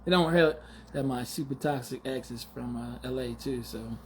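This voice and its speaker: A podcast host in his forties delivers a casual, slangy monologue full of mock outrage, teasing, and frequent laughter. His voice is medium-pitched and moderately paced, with slight background noise.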